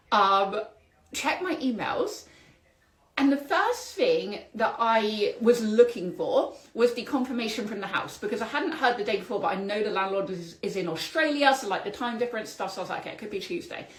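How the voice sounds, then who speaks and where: A woman hosting a solo podcast, telling a story in an animated, exclamatory way with spiritual vocabulary. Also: mid-range voice, moderate pace, reverberant, poor audio. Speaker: podcast host.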